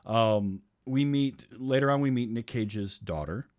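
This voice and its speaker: A man hosting a podcast, chatting casually about a film with lots of ums and quick acted-out lines. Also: mid-range voice, darkish tone, no echo. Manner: rambling, fills with ums, acts out scenes. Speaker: podcast host. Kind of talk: casual movie chat.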